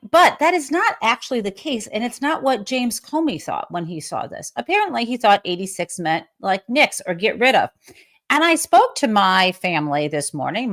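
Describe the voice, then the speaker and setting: A woman's voice: medium pitch, fairly bright tone. A woman hosting a live commentary show, talking casually and snarkily and swearing freely. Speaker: host.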